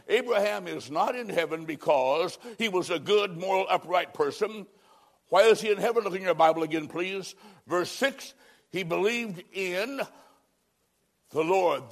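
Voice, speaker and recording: A man preaching a sermon in a dramatic style, swinging between loud declarations and hushed, drawn-out lines. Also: high-pitched.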